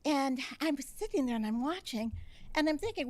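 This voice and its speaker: A woman's voice: high-pitched, expressive, a little fast, a little mellow, no echo. A woman resident giving a rambling, earnest public comment at a city commission meeting, speaking into a podium microphone. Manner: earnest, rambling, a little emotional. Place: city council chamber.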